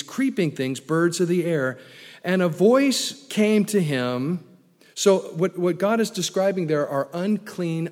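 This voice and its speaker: A man preaching a sermon as pastor, swinging from booming emphasis to low asides. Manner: preaching with wide swings in loudness, booming then dropping low. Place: church sanctuary. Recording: long reverb of a large hall.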